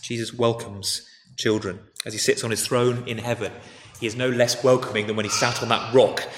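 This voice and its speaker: A man preaching a sermon in a conversational, animated way, retelling a story with frequent restarts. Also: medium pitch, fairly quick. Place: church. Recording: echoey church hall with faint noise.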